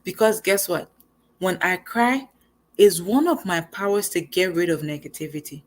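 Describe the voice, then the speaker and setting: A young woman talks straight to her audience in a casual motivational chat. Her voice sits a little low, and she speaks in an animated, conversational way. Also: moderate pace. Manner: animated, conversational, acts out quoted lines. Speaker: host.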